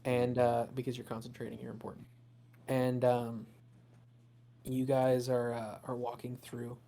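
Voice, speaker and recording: A man's voice: medium pitch, completely flat delivery, a little slow, vocal fry, warm tone. A man narrating as game master of a tabletop game, casual and rambling, with many fillers.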